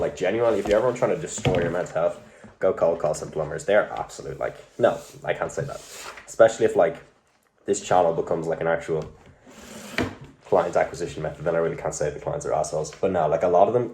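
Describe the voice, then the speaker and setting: Brief: young male vlogger, low-pitched, loose, sweary, self-deprecating ramble over faint noise. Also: darkish tone. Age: young adult. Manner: rambling, profane, self-mocking. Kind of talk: casual vlog.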